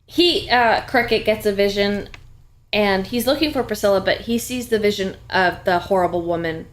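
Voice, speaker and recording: A woman co-hosting a podcast, recapping a TV episode in casual, jokey chat. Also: mid-range voice. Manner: chatty, jokey, quick asides. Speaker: podcast co-host.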